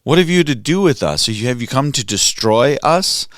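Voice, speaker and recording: A man voicing an unclean spirit that possesses a man, with a loud, guttural, high cry. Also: animated, normal speed, no echo, studio quality, close to an everyday voice. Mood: menacing.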